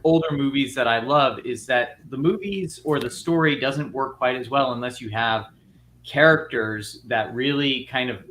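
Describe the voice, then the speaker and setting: A man's voice: mid-range voice, normal speed, fairly bright tone, a little hiss or hum. A man on a casual panel discussion, talking about casting and acting in long, rambling thoughts full of restarts and fillers. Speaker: filmmaker guest.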